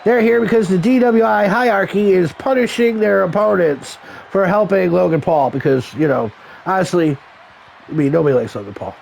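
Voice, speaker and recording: Gravelly, high-voiced wrestling commentator man. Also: moderate pace, a little mellow, a little hiss or hum, poor audio. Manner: joking, rambling banter. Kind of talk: casual ringside commentary.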